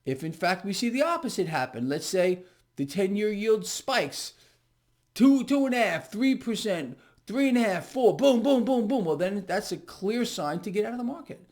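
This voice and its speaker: A man's voice: sits high, big pitch swings, moderate pace. A man delivering market commentary straight to viewers, emphatic and repetitive, often calling them "people". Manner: emphatic, repeats words, addresses viewers as "people". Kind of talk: direct-to-camera market commentary.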